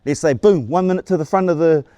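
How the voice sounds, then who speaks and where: A man's voice: a little high, fast, dark tone, dry recording, studio quality. A man, telling his own story to camera in a casual, rambling way, often restarting and repeating words and swearing freely. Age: 40s. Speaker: vlogger.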